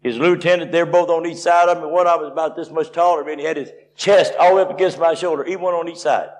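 A man's voice: fairly high pitch, fairly even intonation, racing. A man from Tennessee, preaching and telling a personal story in a folksy, rising way. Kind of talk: sermon testimony.

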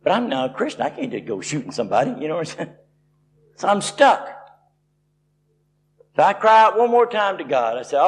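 A man's voice: sits high, big pitch swings, a little fast. A man from Tennessee, preaching and telling a personal story in a folksy, rising way. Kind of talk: sermon testimony.

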